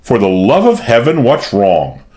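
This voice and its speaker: A man voicing an irritable, sharp-tongued elderly mistress of the house in an audiobook. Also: medium pitch, huge pitch swings, unhurried. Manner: tart, impatient. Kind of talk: audiobook character voice.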